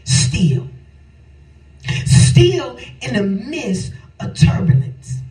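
An older woman preaching a sermon, swinging between shouted phrases and a sing-song cadence. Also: fairly high pitch, sing-song, drawn-out words. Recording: echoey hall, voice from a distance, faint music.

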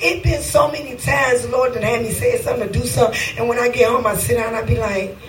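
A woman preaching a sermon with a rhythmic cadence, breaking into shouts and sung phrases. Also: on the high side, fairly even intonation, fast talker, roomy sound, far from the mic, soft background music, poor audio.

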